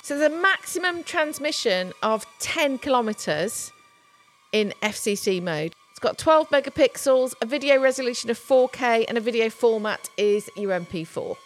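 Brief: female host, upbeat and casual, reads tech specs in a slightly higher voice. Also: lively intonation, normal speed, faint music behind. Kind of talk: casual chat with spec rundown.

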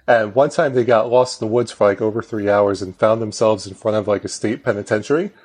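A man's voice: on the low side, a little fast, darkish tone. A middle-aged man co-hosting a podcast, chatting casually in a rambling, joking way with some laughs. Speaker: podcast co-host. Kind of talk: casual chat.

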